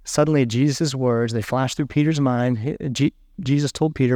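A man's voice: medium pitch, steady tone, normal speed, few pauses, warm tone, dry recording, clean studio sound. A man preaching a sermon, earnest and casual, often repeating words as he builds a point. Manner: casual slang mixed into preaching.

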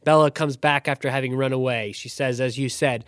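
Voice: mid-range voice, fairly even intonation, a little fast, few pauses, smooth, no echo, clean studio sound. A podcast co-host analysing a play in casual chat, thoughtful and discursive, with wry asides.

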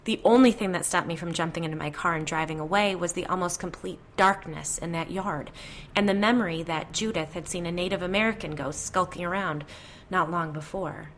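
A woman reading a first-person ghost story aloud in a measured storytelling voice. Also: lowish voice, a bit bright, slight background noise. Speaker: narrator.

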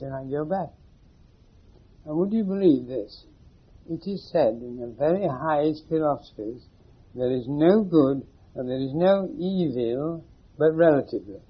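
A man's voice: on the high side, husky. A man gives an informal spiritual talk to a small group, wry and teasing, putting questions to his listeners. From England. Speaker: spiritual teacher. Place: meeting room with a small audience. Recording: muffled 1980s tape recording.

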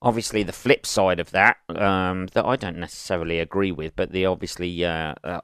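Middle-aged man, solo podcaster, low smooth voice, sweary rambling chat. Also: steady tone, brisk, few pauses, fairly bright tone, no echo, studio quality. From England. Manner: sweary, rambling and chatty, asking rhetorical tag questions. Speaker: podcast host.

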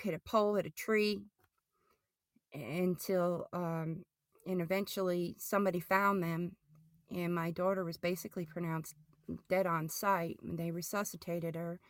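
Low, gravelly middle-aged woman. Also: fairly even intonation, a bit bright, no echo, clean studio sound. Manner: halting, restarts and repeats words. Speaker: podcast guest. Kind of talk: personal testimony.

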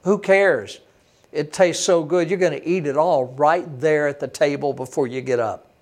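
A male pastor giving a sermon teaching, folksy and conversational, swinging from hushed awe to emphatic points. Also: on the high side, moderate pace.

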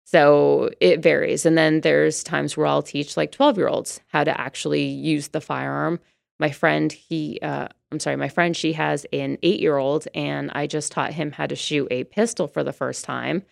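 Low gravelly woman, chatty and relaxed. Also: normal speed, no room sound, clean studio sound. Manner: chatty, many fillers and restarts. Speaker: firearms instructor and brand ambassador. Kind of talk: casual interview answers.

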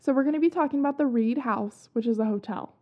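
A young podcast host with a high voice talks fast, chatting casually about haunted places. She giggles, swears casually, and tells spooky stories, all in a dull lo-fi recording.

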